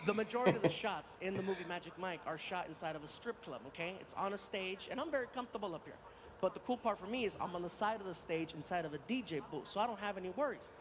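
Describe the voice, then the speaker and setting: A male stand-up comedian telling a long story, animated and acting out every voice. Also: sits high, fast. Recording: noisy live stand-up recording.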